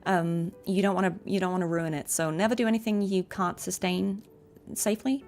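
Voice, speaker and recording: Gravelly woman giving earnest advice. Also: on the low side, steady tone, fairly quick, darkish tone, faint music behind. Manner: earnest, advice-giving, frequent ums and small laughs. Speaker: voice actor and streamer. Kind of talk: casual chat while gaming.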